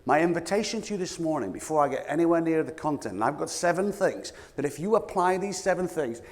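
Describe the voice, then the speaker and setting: A British man delivers a keynote on leadership to a roomful of listeners, his voice sitting high for a man. He talks in an animated way, quizzing the audience and playing out little scenes. A long reverb trails each phrase, as in a large hall. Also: fast talker. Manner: animated, asks the audience questions, acts out quotes. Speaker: leadership coaching speaker. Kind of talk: keynote talk to a live audience. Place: conference room with an audience.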